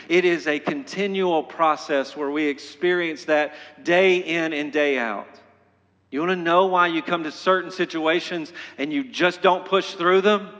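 Male pastor, emphatic sermon delivery, bright and forceful tone, stumbling restarts. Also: on the high side. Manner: emphatic, building to loud exhortation; repeats phrases with stumbling restarts. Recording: long hall reverb.

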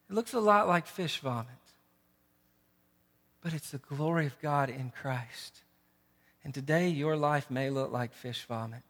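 A man preaching a sermon, impassioned and rising loud on key phrases. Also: fairly high pitch, slow pace, long pauses, long reverb tail. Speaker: pastor.

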